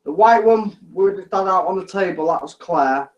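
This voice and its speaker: Male ghost hunter, high pitch, coaxing and repetitive, muffled lo-fi recording. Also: moderate pace. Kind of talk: calling out to spirits on a ghost hunt.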